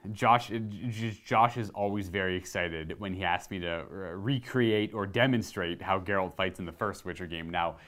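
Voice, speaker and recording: A man from Ontario, chatting casually on his channel, rambling and correcting himself and getting animated while demonstrating. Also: low voice, moderate pace, hardly any pauses. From Ontario, Canada. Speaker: video host answering viewer questions. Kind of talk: casual chat.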